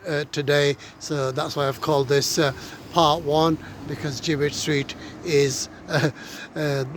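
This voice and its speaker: A middle-aged man, out of breath, giving a hesitant, filler-heavy walking tour of local streets while talking to his viewers. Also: a little high. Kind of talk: casual walking commentary. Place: outdoors on town streets. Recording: faint street and traffic noise.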